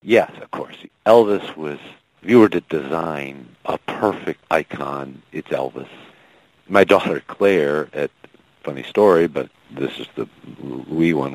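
A man's voice: a bass voice, darkish tone, poor audio. A man from Michigan, a guest musician, chatting in a radio interview and rambling through anecdotes with frequent chuckles. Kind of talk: casual radio interview chat.

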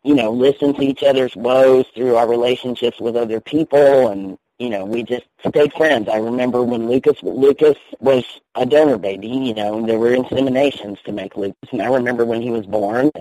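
Mellow-voiced Southern man telling his story. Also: mid-range voice, a little fast, few pauses, no echo, poor audio. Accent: Southern US, North Carolina. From North Carolina. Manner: chatty, candid, laughs easily. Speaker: guest minister. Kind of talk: storytelling in a radio interview.

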